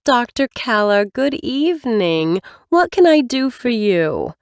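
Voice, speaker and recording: Narrator lady doing a polite agency woman on the phone, higher and brisk. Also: very animated, smooth, no echo, clean studio sound, full character voice. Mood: courteous. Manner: courteous, brisk phone manner.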